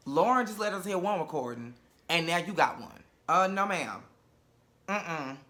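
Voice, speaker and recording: A man's voice: a little high, expressive, measured pace, bright, forceful tone. A man giving a casual reality TV episode review, sassy and profane, with campy asides. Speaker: reality TV recap vlogger.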